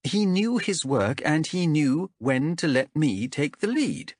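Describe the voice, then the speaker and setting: A stubborn, defensive young woman explorer speaking earnestly, quick to snap back, put on by a man. Her voice sits higher with a lively swing. The recording is dry and close. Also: breathy edge, no echo, exaggerated voice. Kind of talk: audiobook character voice.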